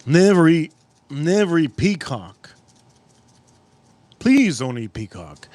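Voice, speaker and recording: A man hosting a live cooking stream outdoors at a grill, talking in a casual, profane way with sudden loud exclamations. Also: a little high, big pitch swings, takes it slowly, long pauses, dry recording.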